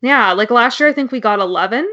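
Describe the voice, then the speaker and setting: A woman's voice: on the high side, lively intonation, fast talker, pushed and bright, dull audio. A woman co-hosting a podcast in casual chat, telling stories and saying "like" a lot. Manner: chatty storyteller, heavy use of "like". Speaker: podcast co-host.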